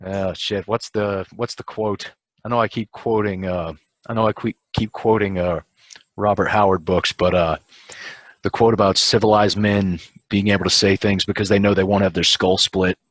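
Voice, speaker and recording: A man's voice: on the low side, steady tone, normal speed, a bit bright, dry recording. A man in casual chat, musing wryly and laughing easily.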